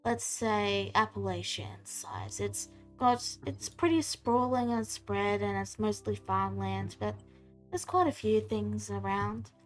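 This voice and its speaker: Woman running a tabletop game, talks slow and high, faint music behind. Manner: unhurried narration with pauses and fillers. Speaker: game master. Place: at home on a computer.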